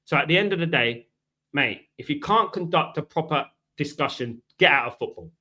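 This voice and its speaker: A man's voice: a little high, expressive, normal speed, pushed and bright. A middle-aged man from England hosting a live football stream, answering viewers in a combative, chatty way and peppering his talk with 'mate' and 'right'. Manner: combative, talks straight to chat, repeats 'mate' and 'right'. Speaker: football channel host.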